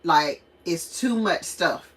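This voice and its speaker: A woman's voice: fairly low pitch, takes it slowly, distant mic, rough recording. A woman hosting a casual livestream, telling stories and ranting with frequent laughter and acted-out quotes. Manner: animated, acts out quotes. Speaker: channel host and mother.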